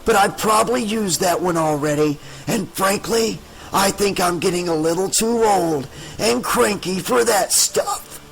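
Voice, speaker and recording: A man voicing a scarred, cruel dream killer who taunts his victim in a raspy, oozing voice, raised well above his own pitch. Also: poor audio. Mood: mocking. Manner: taunting, drawn-out menace.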